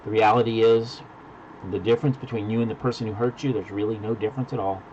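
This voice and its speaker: A man preaching a sermon as pastor, dropping to hushed, deliberate lines and building to loud emphasis. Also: on the low side, steady tone, dull audio, slight background noise. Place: virtual church service.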